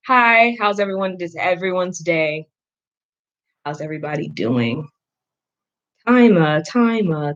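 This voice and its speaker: A woman's voice: lowish voice, a bit bright, muffled recording. Chatty woman hosting a live astrology stream. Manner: chatty, talks to the chat, self-deprecating. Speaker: astrology reader, stream host. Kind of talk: casual livestream chat.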